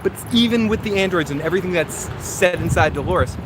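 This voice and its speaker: Guy rambling on a walk-and-talk stream, kinda high voice, traffic going by outside. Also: lively intonation, a little fast. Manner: rambling, self-correcting, chatty. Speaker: host. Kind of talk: casual walking live-stream review. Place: outdoors in a park. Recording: outdoor traffic noise.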